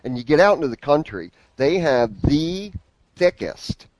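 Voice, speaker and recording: A man's voice: on the high side, big pitch swings, unhurried, no echo, poor audio. A man from the United States chatting casually, hesitant and stumbling over restarts. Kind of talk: casual chat.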